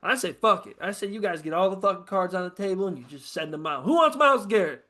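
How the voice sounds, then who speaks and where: A man's voice: high voice, lively intonation, quick pace, pushed and bright. A man hosting a podcast, joking around in loose, profane banter and laughing often. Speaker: host.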